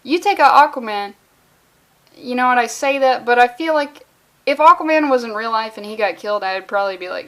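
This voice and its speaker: Sarcastic woman ranting about a comic, high bright voice, swears a lot. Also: fairly quick. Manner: sarcastic, profane, acts out characters' lines. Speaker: comic book reviewer. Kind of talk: casual comic commentary.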